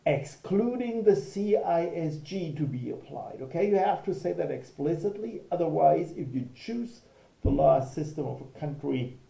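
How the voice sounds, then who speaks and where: Gravelly man lecturing. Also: medium pitch, warm tone, roomy sound, low-quality recording. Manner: explanatory, emphatic, checks in with "okay". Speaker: law professor. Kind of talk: recorded video lecture.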